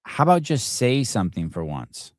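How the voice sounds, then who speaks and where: A man hosting a call-in podcast, talking in a pushy, animated way with some swearing. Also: medium pitch, moderate pace, no room sound, clean studio sound. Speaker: podcast host. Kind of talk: casual call-in show chat.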